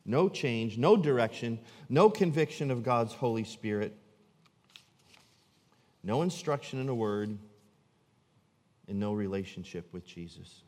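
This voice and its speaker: A man preaching a sermon as pastor, swinging from loud, emphatic lines to low, hushed ones. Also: animated, measured pace, long pauses, big-room sound.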